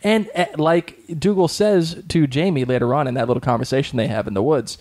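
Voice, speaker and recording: A man's voice: medium pitch, a little fast, darkish tone. A man co-hosting a casual podcast, chatty and opinionated, often laughing as he talks. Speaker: podcast co-host.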